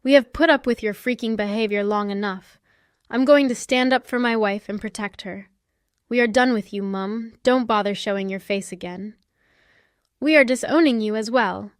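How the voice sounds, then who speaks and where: A woman voicing an angry grown son who bluntly cuts off his mother, in a smooth, dry voice. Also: fairly high pitch, moderate pace, no echo, close to an everyday voice. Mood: furious. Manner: furious, blunt.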